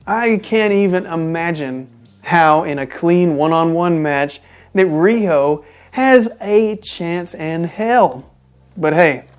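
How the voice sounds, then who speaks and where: Chatty incredulous wrestling recapper from Texas. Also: mid-range voice. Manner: animated and incredulous, with joking asides. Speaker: wrestling show reviewer. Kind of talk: casual recap commentary.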